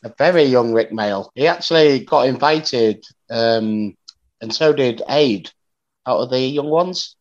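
A male podcast guest shares film trivia in an easygoing, casual way. His voice sits at an ordinary middle pitch, and the recording sounds slightly dull. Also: measured pace.

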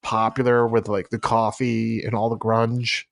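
A man co-hosting a comedy podcast, rambling through made-up facts in deadpan improvised banter. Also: mid-range voice, unhurried, vocal fry. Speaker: podcast co-host.

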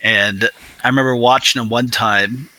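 Bright-voiced young man telling anecdotes. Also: medium pitch, moderate pace, no echo, low-quality recording. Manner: lively anecdote teller. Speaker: co-host, son. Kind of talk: casual chat.

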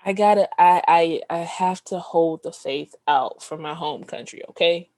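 A woman's voice: on the low side, moderate pace, darkish tone, no echo. A young woman co-hosting a sports podcast, chatting casually in a teasing, emphatic way and repeating herself. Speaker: podcast co-host.

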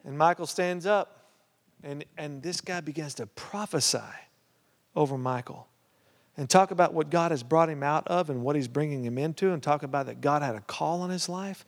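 A fairly high-voiced male pastor spins a story from the pulpit, talking casually with plenty of "uh" and "you know". The sound carries a long hall reverb, like a church sanctuary. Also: normal speed. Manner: conversational, lots of "uh" and "you know", grows animated. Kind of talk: storytelling sermon.

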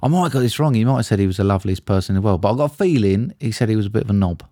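A man's voice: lowish voice, expressive, very fast, warm tone, no room sound, clean studio sound. A man, bluntly ranting in a casual chat between podcast co-hosts, swearing often.

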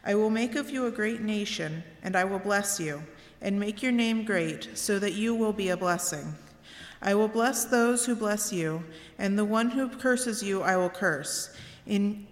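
Woman reading scripture in echoey church. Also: mid-range voice. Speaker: scripture reader. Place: church sanctuary. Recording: echoey church with long reverb.

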